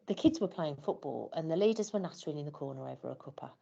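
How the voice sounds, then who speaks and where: A woman's voice: low voice, lively intonation, quick pace, vocal fry, dark tone, lo-fi sound. A woman telling a scripted first-person story as a flustered parent, wry and self-deprecating. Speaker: parent in a training scenario.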